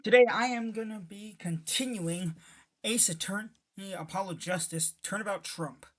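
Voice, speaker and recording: Woman let's-player, casual and chatty, husky voice. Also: mid-range voice, moderate pace. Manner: chatty, self-correcting asides. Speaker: let's-play narrator. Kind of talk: casual gameplay commentary.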